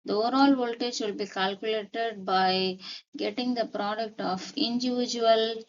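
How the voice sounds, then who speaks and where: A woman teaching a lesson step by step, deliberately repeating her key points. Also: on the high side, fairly even intonation, lo-fi sound. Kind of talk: step-by-step lecture.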